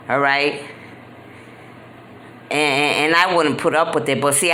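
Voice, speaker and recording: A woman's voice: low-pitched, bright, forceful tone, a little hiss or hum. A woman speaking straight to the camera in an impassioned vlog monologue. She talks bluntly, often in street slang, repeats herself for emphasis and fills her speech with "you know". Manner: emphatic and repetitive, many "you know" fillers. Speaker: vlogger.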